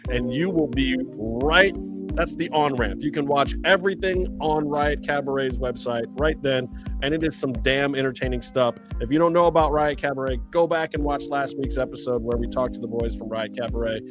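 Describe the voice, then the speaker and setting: A man's voice: medium pitch, moderate pace, music in the background. A laid-back, chatty man co-hosting a podcast and giving listeners step-by-step instructions. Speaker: podcast co-host. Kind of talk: casual chat with sponsor plug.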